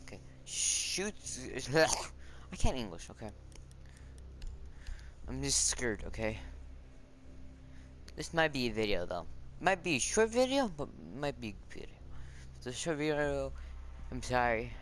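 A young man chatting casually over his own gameplay, jumpy and quick to yelp when startled. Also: medium pitch, big pitch swings, fairly bright tone. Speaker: gamer streaming his match. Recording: noisy game audio behind voice.

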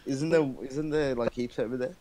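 A man's voice: mid-range voice, moderate pace, over a noisy crowd. A young man with an Australian accent chatting in loose, profane, boastful talk over voice chat on a gaming stream. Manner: swears constantly, loose and boastful. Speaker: livestream gamer. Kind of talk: casual chat over voice call.

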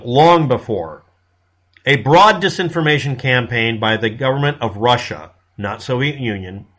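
A man's voice: mid-range voice, fairly bright tone. A man from the United States giving a casual monologue commentary in a blunt, sarcastic manner, with frequent profanity.

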